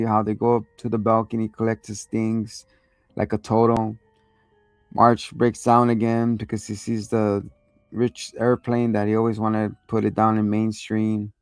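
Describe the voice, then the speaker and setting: A man's voice: on the low side, a little mellow, clean tone, no room sound. A man hosting a casual episode recap, loose and profane, acting out quotes along the way. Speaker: host.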